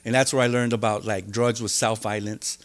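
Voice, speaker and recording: A man, a podcast guest, telling his story openly in an animated way, with many restarts, acting out the voices of the people he quotes. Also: fairly low pitch, fairly quick. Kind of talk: candid storytelling interview.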